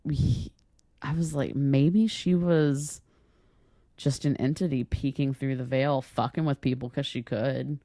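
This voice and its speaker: A woman's voice: very deep voice, fairly even intonation, unhurried, dark tone, no room sound, clean studio sound. A woman co-hosting a podcast in casual chat, laughing often and swearing freely. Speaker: podcast co-host.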